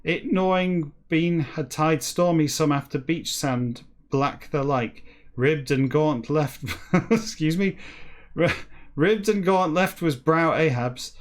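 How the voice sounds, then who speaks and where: A man reading a classic novel backwards for comedy, slow and halting word by word, breaking off for quick muttered asides. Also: a little high. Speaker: comedy podcast reader.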